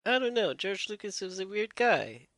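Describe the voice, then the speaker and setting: Woman, jokey podcast co-host, lively swooping pitch, dry close recording. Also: normal speed, no room sound. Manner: playful, jokey asides. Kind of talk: casual chat.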